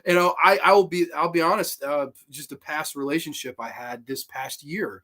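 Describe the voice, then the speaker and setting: A man's voice: fairly high pitch, moderate pace, bright, forceful tone. A man hosting a movie channel, talking casually and heartfelt about a film, rambling with restarts and the odd swear word. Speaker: movie review channel host. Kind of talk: casual spoken movie commentary.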